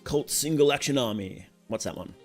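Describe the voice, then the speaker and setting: A man's voice: mid-range voice, expressive, normal speed. Aussie guy streaming games, bouncy voice all over the place, bit of a sore throat, faint music behind. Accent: Australian. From Australia. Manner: chatty, reads chat aloud and answers. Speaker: game streamer and voice actor. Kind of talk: casual live-stream chat.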